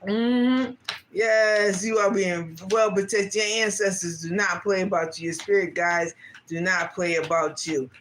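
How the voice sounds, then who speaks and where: Woman doing a tarot reading, slow and drawn out, keeps saying yes yes and asking spirit, slangy. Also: medium pitch, steady tone, slight background noise. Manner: slangy, repeats "yes, yes" and asks Spirit aloud; laughs between card readings. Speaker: tarot reader.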